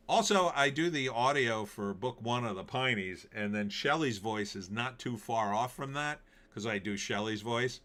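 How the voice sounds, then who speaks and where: A man's voice: medium pitch, moderate pace, hardly any pauses, fairly bright tone. A male host doing casual commentary in a sarcastic, rambling way. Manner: sarcastic, rambling, with frequent fillers. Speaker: show host. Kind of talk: casual political and movie commentary.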